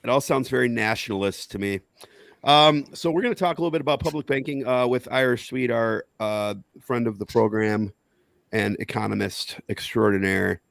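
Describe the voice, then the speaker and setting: A man's voice: medium pitch, normal speed, creaky, a bit bright, dry recording. A man hosting a casual podcast chat, jokey and riffing. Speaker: podcast host.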